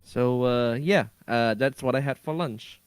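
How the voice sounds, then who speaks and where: A man on a podcast as guest, talking in casual chat, flustered and laughing often, his voice jumping up high. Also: a little slow, clear, resonant tone, no room sound.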